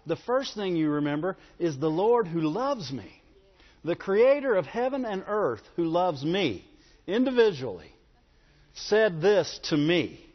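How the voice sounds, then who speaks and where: A man preaching a sermon emphatically, repeatedly calling out to his congregation for agreement. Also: high voice. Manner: emphatic, calls for audience response. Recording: echoey hall, dull lo-fi sound.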